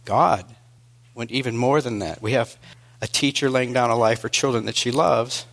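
A male preacher delivering a sermon in an earnest storytelling manner, moving between hushed and emphatic. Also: mid-range voice, normal speed, vocal fry.

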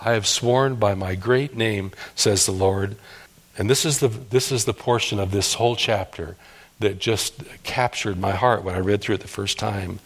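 A middle-aged man preaching a sermon, earnest and pleading, rising to emphatic cries and dropping to hushed lows. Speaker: pastor.

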